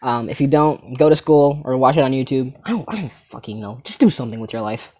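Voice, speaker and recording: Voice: mid-range voice, animated, fast, a little mellow. A teenager hosting a comedy channel, telling a rambling story about school and a girlfriend while swearing casually.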